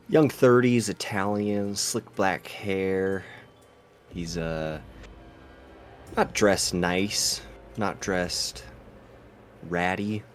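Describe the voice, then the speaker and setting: A man playing a tabletop game, describing his character in a rambling, halting way with fillers. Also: deep voice. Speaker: player. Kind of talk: casual tabletop play.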